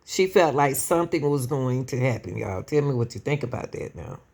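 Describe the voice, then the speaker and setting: With a rumbling low, slightly mellow voice, animated and at normal speed, a woman hosts true-crime commentary and speaks right to her viewers. She keeps saying "y'all" and asking rhetorical questions, her casual talk running emotional.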